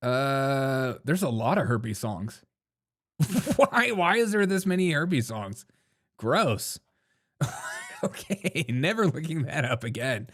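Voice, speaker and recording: A man's voice: medium pitch, big pitch swings, slow, a bit bright. A man hosting a live commentary show, talking casually in a mocking way, laughing often and saying "dude". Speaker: host.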